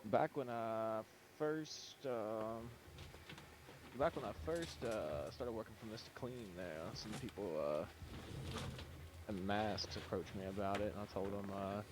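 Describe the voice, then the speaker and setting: Low-voiced man in a roleplay with noisy audio. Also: measured pace. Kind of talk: casual in-character roleplay chat.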